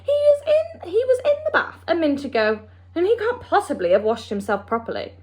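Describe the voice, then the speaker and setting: Woman reading a fussing, shrill mother. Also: very animated, brisk. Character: fussy worried young mother.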